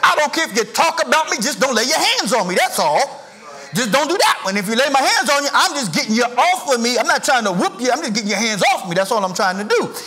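A middle-aged male pastor, preaching a sermon with sing-song rises and shouted emphasis in a church. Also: very high voice, big pitch swings, quick pace. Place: church sanctuary.

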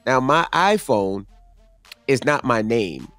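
A man's voice: medium pitch, sing-song, slow pace, a bit bright, no room sound, soft background music. A man co-hosting a morning radio show, telling a story and defending himself in a chatty way. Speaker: radio co-host.

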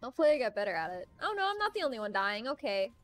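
A woman's voice: on the high side, sing-song, racing, faint music behind. A young woman chatting casually and rambling while streaming a video game, laughing often. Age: young adult. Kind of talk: casual gaming stream chat.

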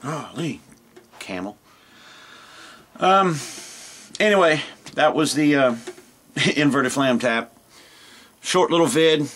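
A man's voice: on the high side, slow, pauses often, a bit bright, slight background noise. A man hosting a casual drum lesson video, rambling and self-deprecating with many fillers. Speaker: drum teacher.

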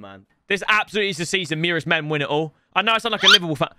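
A young man giving live video game commentary, chatty and slangy, breaking into loud excited outbursts as he talks to his viewers. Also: high-pitched, very fast, hardly any pauses, clean tone, no echo. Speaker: gaming YouTuber.

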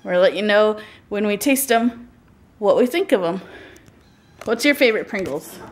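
A woman's voice: mid-range voice, animated, normal speed, no echo. A woman chatting casually in a vlog, bubbly and giggly, with sing-song asides while driving. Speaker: vlogger. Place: in a car, driving.

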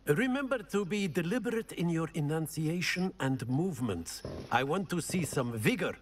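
An actor plays a stately professor, measured and posh, who coaches a student through spellwork. His voice sits at an ordinary man's pitch but rises and falls expressively, and a steady hiss of noise runs under the captured game sound. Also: close to an everyday voice. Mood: instructive. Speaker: teacher.

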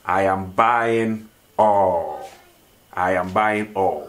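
A man's voice: on the low side, steady tone. A man teaching a vocabulary lesson, repeating each word and asking questions for the learner to answer. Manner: slow, repeats words and asks questions. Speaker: language teacher.

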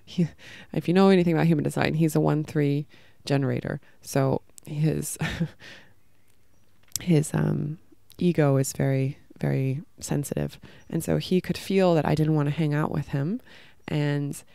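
A woman's voice: low voice, moderate pace, gravelly, dark tone, dry recording, studio quality. A woman hosting a podcast, telling an emotional personal story in a rambling way with many fillers. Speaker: podcast host.

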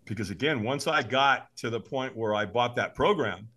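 A man's voice: mid-range voice, normal speed. A man, a podcast guest, telling a story with animation, acting out voices and laughing often. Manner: lively, acts out voices in his stories, laughs often.

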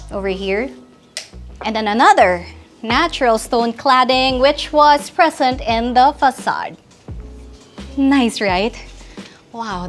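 A woman with a Filipino accent hosting a casual house tour, chatty and playful, joking with her viewers as she walks room to room. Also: fairly high pitch. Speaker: real estate house tour host. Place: inside a large house, walking room to room.

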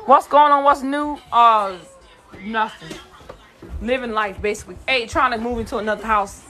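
A young woman live streaming from a busy family home on her phone, chatting casually and scolding her children loudly and bluntly. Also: fairly high pitch, moderate pace, faint music behind. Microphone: phone camera.

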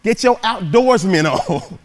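A man's voice: high-pitched, animated, takes it slowly, pitched above the performer's own voice. A man voicing a firm father giving his son instructions. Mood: instructive.

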